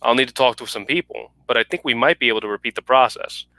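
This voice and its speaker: A man's voice: medium pitch, fast, vocal fry, sharp tone, no room sound, low-quality recording. A man reading a polite, businesslike official. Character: earnest male government official, patient.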